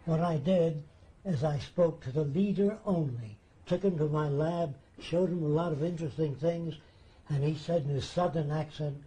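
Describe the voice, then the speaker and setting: Older man with a mellow voice. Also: fairly high pitch, moderate pace, rough recording. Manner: plain-spoken, acts out quoted people. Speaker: interviewee. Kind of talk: storytelling in an interview.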